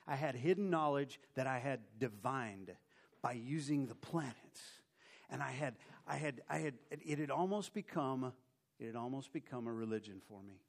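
A man preaching and telling a personal story in a lively way, mocking himself as he acts out the scenes. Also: medium pitch, normal speed. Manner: animated, self-mocking storyteller who acts out his own story. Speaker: preacher giving a testimony. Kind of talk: sermon storytelling.

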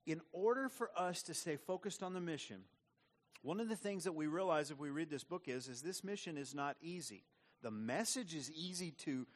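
A man preaching a sermon in a conversational, repetitive way. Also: a little high. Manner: conversational preaching with frequent repeated words. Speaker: pastor.

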